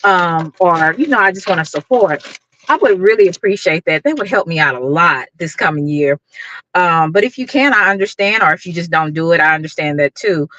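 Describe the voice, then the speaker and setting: A woman's voice: fairly low pitch, animated, brisk, fairly bright tone, no room sound. Middle-aged woman on a livestream, chatty, lots of ums, dry dull lo-fi sound. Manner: chatty, greets viewers by name, many fillers. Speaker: YouTube livestream host. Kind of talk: casual livestream chat.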